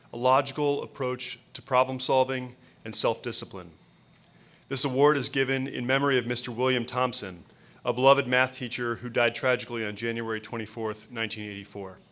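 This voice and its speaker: Man reading a formal award citation; mid-pitched, bright, crisp tone; steady delivery.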